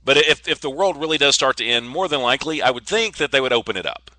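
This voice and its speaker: A man's voice: medium pitch, lively intonation, fast, pushed and bright. A man hosting a casual solo podcast, rambling and joking with frequent stammers and restarts. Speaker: podcast host.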